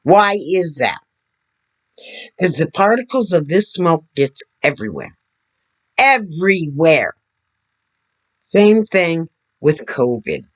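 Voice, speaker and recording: A woman talking slowly and earnestly to her camera, demonstrating as she explains, sitting several feet back from her computer mic. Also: low-pitched, very animated, dull audio. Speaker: vlogger. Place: indoor room at a computer. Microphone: computer mic several feet away.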